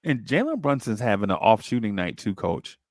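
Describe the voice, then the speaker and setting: A man's voice: lowish voice, big pitch swings, brisk, dry recording, studio quality. A man hosting a casual basketball watch-along who reads out chat comments and calls plays as they happen, with a teasing manner. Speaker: podcast host reading chat.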